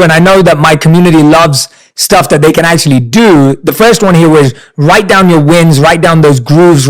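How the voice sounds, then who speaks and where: Eager, slightly high-voiced podcast host. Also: male voice, low-quality recording. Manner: eager, enthusiastic, addresses listeners directly. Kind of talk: interview chat.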